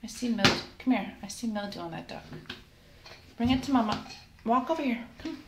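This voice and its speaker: A woman's voice: a little high, brisk, heavy background noise. A mother coaxing her toddler in sing-song, exaggerated baby talk at home. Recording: roomy echo.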